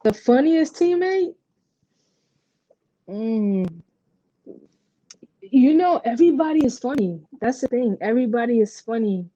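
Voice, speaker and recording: Young woman from Puerto Rico, interview guest, candid storytelling, dark dull dry sound. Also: fairly high pitch, measured pace, pauses often, no echo. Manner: candid, animated storytelling with many fillers. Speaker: interview guest, professional basketball player. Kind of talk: casual interview conversation.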